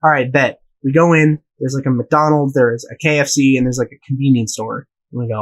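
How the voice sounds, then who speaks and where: A man's voice: medium pitch, a little fast, breathy edge, rough recording. A young man from the United States telling a rambling, profane story in casual podcast chat. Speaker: podcast host.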